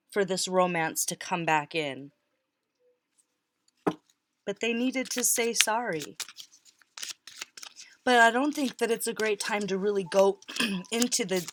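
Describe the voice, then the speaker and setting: A woman giving a casual tarot reading, chatty and quick to laugh, often breaking off and restarting her words. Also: mid-range voice, slight background noise. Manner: chatty, laughs easily, breaks off mid-word. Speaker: tarot reader.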